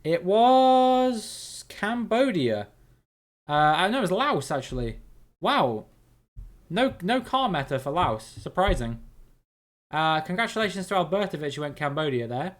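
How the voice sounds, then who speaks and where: A man's voice: on the high side, sing-song, normal speed, fairly bright tone. A man hosting a live game stream, chatting with viewers and thinking aloud as he plays.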